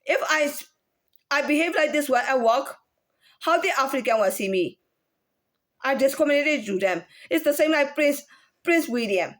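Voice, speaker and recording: A woman talking in a casual monologue, halting with many restarts and fillers, sometimes demonstrating different speaking tones. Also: sits high, lively intonation, fairly bright tone.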